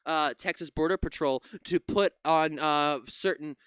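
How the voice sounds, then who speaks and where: Reacting to video clips, a political commentator rants angrily, swearing heavily and stumbling into restarts. His voice is on the high side, a little slow, fairly bright, clear and resonant.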